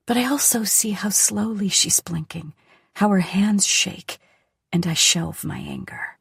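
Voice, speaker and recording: Hushed, husky woman narrating an audiobook. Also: mid-range voice, a little slow, no room sound, studio quality. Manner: hushed, often whispery delivery. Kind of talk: first-person audiobook narration.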